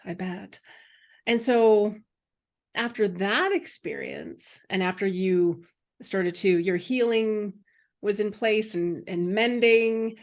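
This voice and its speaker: A woman hosting an interview who asks slow, drawn-out questions and reacts with warm exclamations. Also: mid-range voice. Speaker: podcast host. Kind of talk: interview conversation.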